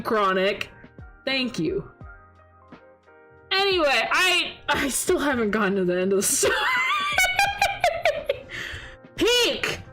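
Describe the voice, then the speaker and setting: High-voiced woman telling stories on stream. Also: poor audio. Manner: animated storytelling, swearing and laughing. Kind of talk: casual chat stream.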